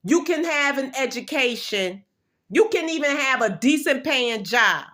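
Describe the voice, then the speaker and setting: A woman's voice: high voice, lively intonation, unhurried, a bit bright. A woman vlogger giving an emphatic, repetitive motivational talk in blunt, slangy everyday speech. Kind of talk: motivational pep talk to camera.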